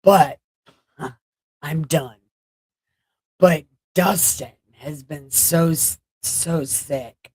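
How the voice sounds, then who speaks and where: A woman's voice: low-pitched, extremely slow, long pauses, a little mellow, slightly rough, dry recording. A tired woman hosting a late-night livestream, rambling and joking as she chats with her viewers. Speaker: livestream host.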